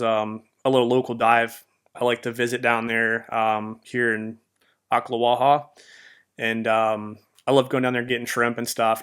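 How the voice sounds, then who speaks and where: A man's voice: mid-range voice, a bit bright, smooth. Man in mid register, loose heartfelt storyteller for a faith podcast, leans on fillers. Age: adult with a marriage behind him. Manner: rambling, heartfelt, heavy use of fillers like "man" and "you know". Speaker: podcast host. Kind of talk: personal faith testimony, casual storytelling.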